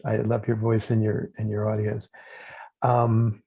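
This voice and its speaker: Gravelly, halting male interview host. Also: on the low side, completely flat delivery, mellow, poor audio. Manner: halting, with many restarts and fillers. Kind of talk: casual interview chat.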